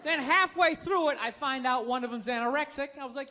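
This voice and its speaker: A man's voice: very high-pitched, brisk, few pauses. A man from the United States doing a stand-up routine, sarcastic and profane, with mock glee at others' bad luck. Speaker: stand-up comedian. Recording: live set, loud crowd noise.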